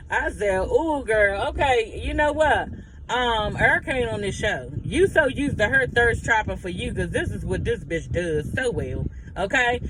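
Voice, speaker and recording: A man with a strikingly high voice dishes on reality TV drama, sassy and blunt, peppered with profanity and dramatic asides. The recording is noisy, with outdoor city sounds and vehicles clearly audible behind him. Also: expressive, measured pace. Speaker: reality TV recap commentator. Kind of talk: casual gossip recap commentary.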